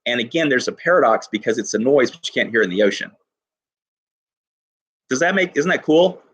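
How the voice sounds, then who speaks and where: A male teacher giving an enthusiastic poetry lesson to his class, reading lines slowly and stressing each syllable. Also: medium pitch, lively intonation, a bit bright, breathy edge, highs cut off.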